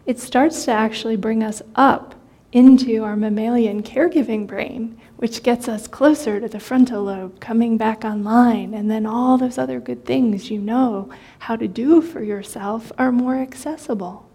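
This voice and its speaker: Woman, meditation teacher, dharma talk, warm higher voice, gentle, chatty, frequent restarts. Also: normal speed, slightly rough. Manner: gentle, conversational, with many fillers and restarts.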